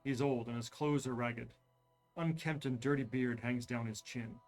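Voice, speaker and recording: A man hosting a live reading of a horror gamebook, narrating in a measured, suspenseful way. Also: medium pitch, steady tone, faint music behind.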